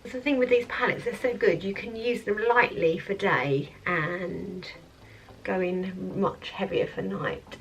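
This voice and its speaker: A woman's voice: mid-range voice, measured pace, a little hiss or hum. Chatty woman doing a makeup tutorial. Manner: chatty, rambling, drops to soft murmurs. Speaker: beauty vlogger. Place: office. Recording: mic at a distance, faint background music.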